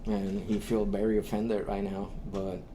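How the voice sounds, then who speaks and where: A man's voice: lowish voice, unhurried, background noise. A man in a casual podcast chat, talking loosely with many fillers. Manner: relaxed, rambling, with many fillers.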